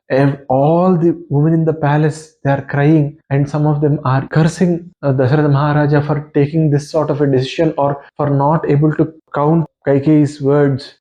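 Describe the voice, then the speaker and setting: A man's voice: a little high, level tone, moderate pace, hardly any pauses, mellow. Earnest man retelling an epic. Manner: earnest and explanatory, often addresses the listener. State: voice wearing thin. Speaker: devotional scripture reader. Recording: dull lo-fi recording.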